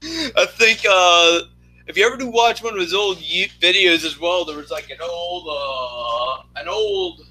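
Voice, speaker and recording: A man's voice: sits high, unhurried, bright, forceful tone, dry recording, rough recording. A man casually chatting with his viewers, rambling with lots of fillers and restarts. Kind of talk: casual chat.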